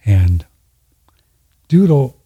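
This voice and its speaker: A man's voice: medium pitch, big pitch swings, extremely slow, warm tone, slightly rough. A man hosting a radio show, talking in a folksy, rambling way and often repeating himself. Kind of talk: casual conversation.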